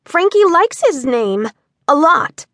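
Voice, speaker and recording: A woman voicing a bold know-it-all eight-year-old girl in an audiobook, loud and quick to answer. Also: very high voice, expressive, no echo, clean studio sound, voice pushed up. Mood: bossy.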